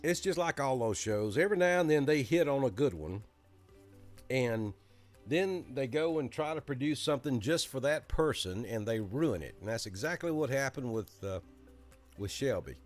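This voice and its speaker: A man's voice: mid-range voice, lively intonation, moderate pace, soft background music. A middle-aged man from Alabama with a Southern accent, hosting a casual live weather chat in a folksy, chatty way. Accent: Southern American, Alabama.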